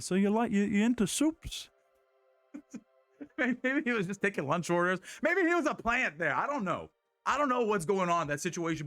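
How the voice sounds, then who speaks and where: A man's voice: sits high, pushed and bright, no echo. A young man streaming live and telling a story in casual, rambling chat. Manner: rambling, many restarts and laughs.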